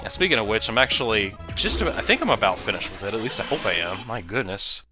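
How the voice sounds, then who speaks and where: Low-voiced rambling gameplay commentator. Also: male voice, animated, fast talker. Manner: rambling, chatty, drifts into tangents. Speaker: let's play commentator. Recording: game music behind the voice.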